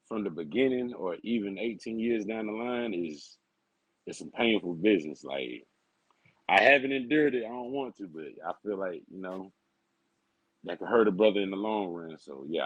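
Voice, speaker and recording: A man with a very deep voice talks through a casual podcast chat, relaxed and earnest, leaning on "you know." The sound is dry and close, with no room around him. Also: dry recording, highs cut off.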